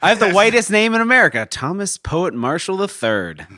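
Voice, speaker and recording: A man telling crude, playful stories as a podcast guest in a studio. His voice is bright and lively in pitch, and the sound is close and dry. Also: fairly quick, no echo. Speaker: brewer guest. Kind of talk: casual chat.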